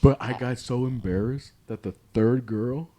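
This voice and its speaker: A man's voice: mid-range voice, a little slow, mellow. A young man co-hosting a casual podcast chat, rambling with lots of fillers and restarts. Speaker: podcast co-host.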